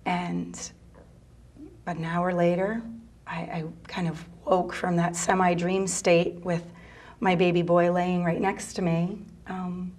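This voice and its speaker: A middle-aged mother telling a personal story in an interview, soft-spoken and halting, sometimes dropping to a near whisper. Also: lowish voice, level tone. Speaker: mother of a gay teen son; interview guest.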